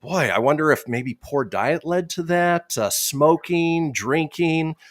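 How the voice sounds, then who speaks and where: A man's voice: on the high side, expressive, slow, no echo. A man hosting a comedy radio show, reading history facts with wry asides on a studio microphone. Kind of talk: casual comedy radio banter.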